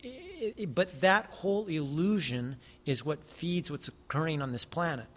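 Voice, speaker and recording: A man's voice: on the high side, big pitch swings, moderate pace, fairly bright tone, husky. An American man who talks earnestly in casual conversation, preaching with frequent swearing. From United States. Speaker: guest.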